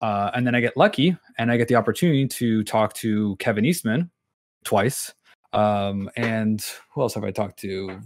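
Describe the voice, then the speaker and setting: Give me an easygoing man guesting on a podcast, slightly low voice, dry close sound. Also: moderate pace, no echo. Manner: easygoing, full of fillers. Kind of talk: casual podcast chat.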